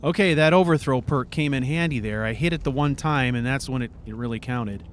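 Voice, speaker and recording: A man talks through his game session in a loose, offhand way at a middle pitch. He swears freely and jumps into sudden excited outbursts between calmer stretches of commentary. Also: a little fast, slight background noise. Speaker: let's play host. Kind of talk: casual gameplay commentary.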